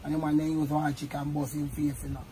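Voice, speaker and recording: A young man with a Jamaican accent telling animated stories in casual chat, laughing often, recorded on a phone. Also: on the high side, fast talker. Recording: noisy phone video recording.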